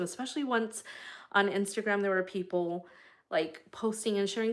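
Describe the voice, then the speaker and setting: A woman's voice: mid-range voice, moderate pace. A woman in her thirties, a mother hosting her own channel, rambling chattily to viewers on a casual live stream from her bedroom. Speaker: channel host.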